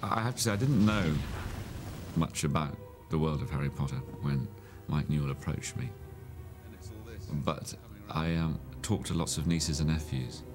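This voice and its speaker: A man, an actor, speaking in a measured, thoughtful way about playing a villain. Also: a bass voice. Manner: thoughtful, measured, searches for words. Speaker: actor interviewed about his villain role. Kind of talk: reflective interview. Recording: interview with music under it.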